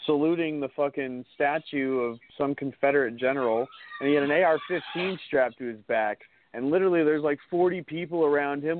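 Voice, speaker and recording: A man's voice: on the high side, a little fast. Profane ranting man on a tinny line. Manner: profane, aggressive rant. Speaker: podcast co-host. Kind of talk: heated casual chat. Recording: dry tinny phone-like audio.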